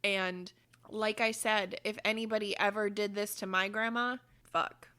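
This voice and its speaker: A woman's voice: medium pitch, fairly even intonation, a little slow, sharp tone, smooth. A woman co-hosting a casual podcast, talking heatedly and swearing freely while she keeps hiccuping. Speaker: podcast co-host.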